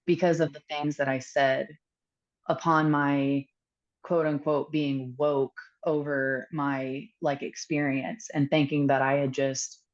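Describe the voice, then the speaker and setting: A woman telling a candid personal story as a podcast guest, earnest and reflective, pausing often with fillers. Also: low voice, little pitch movement, muffled recording.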